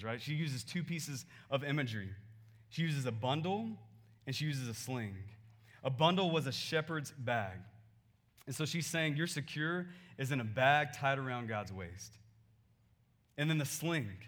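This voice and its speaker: A man's voice: fairly high pitch, fairly bright tone. A man preaching a sermon in a conversational way, asking his listeners rhetorical questions. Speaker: pastor.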